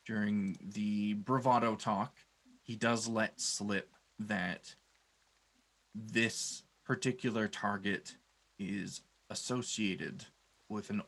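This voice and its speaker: A man running a tabletop game as game master, narrating scenes and lore in a measured, descriptive way. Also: fairly low pitch, creaky, low-quality recording.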